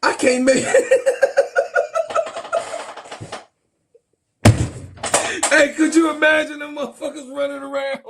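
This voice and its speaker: A man hosting a sports channel, ranting in a profane, excitable way and laughing through his talk. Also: very high voice, brisk, hardly any pauses, a little hiss or hum.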